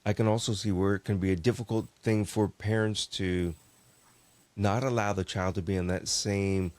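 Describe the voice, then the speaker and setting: A man's voice: lowish voice, fairly even intonation, normal speed, darkish tone, no echo. A man hosting a parenting podcast who reflects on his guest's stories and restates her points in his own words. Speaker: podcast host. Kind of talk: podcast interview conversation.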